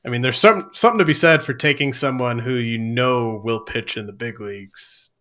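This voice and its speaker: A man's voice: medium pitch, normal speed, bright, forceful tone. A man chatting casually on a podcast in a laid-back way, laughing easily.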